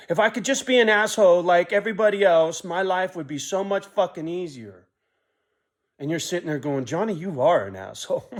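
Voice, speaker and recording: A middle-aged man talking alone to his camera in a casual vlog, rambling, swearing freely and often tagging "right?" onto his lines. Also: high voice. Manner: profane, rambling, self-reflective, often ending lines with a muttered "right?". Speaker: vlogger.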